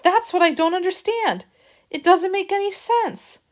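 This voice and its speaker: A woman's voice: very high-pitched, unhurried, pitched above the performer's own voice. A woman reading aloud and voicing Jill, a distressed young woman who works at a kennel. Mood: upset. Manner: tearful, distressed. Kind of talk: audiobook reading.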